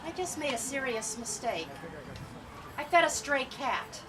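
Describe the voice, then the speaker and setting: A woman voicing a cranky old witch who scolds in a shrill, high voice, from an outdoor stage. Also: expressive, measured pace. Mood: rueful. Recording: distant camera, outdoor crowd noise.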